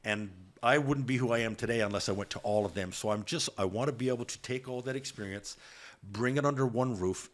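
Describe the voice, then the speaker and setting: A man talking earnestly and emphatically as a podcast guest, with frequent restarts. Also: mid-range voice. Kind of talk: candid podcast conversation.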